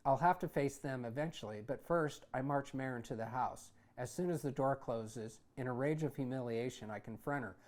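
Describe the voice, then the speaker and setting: A man who hosts a show, reading his own memoir aloud in a conversational, wry way that gets animated in heated passages. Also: mid-range voice, normal speed, hardly any pauses. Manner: conversational, wry, animated when retelling anger. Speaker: author and host.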